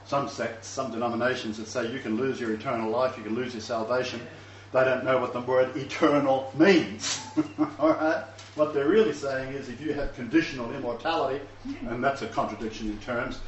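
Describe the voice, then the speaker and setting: A man's voice: mid-range voice, fairly even intonation, moderate pace, slight background noise. Man lecturing on scripture in a roomy hall. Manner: chatty, asides and chuckles between scripture readings. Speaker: Bible lecturer. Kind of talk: Bible lecture to a live class. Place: lecture room. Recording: roomy, distant, dull lo-fi room recording.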